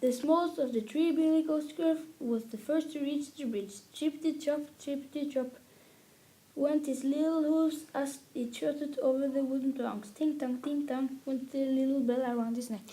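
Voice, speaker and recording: A woman with a Norwegian accent, her first language Norwegian, reading a fairy tale aloud haltingly, with restarts. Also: high voice, steady tone, warm tone, poor audio.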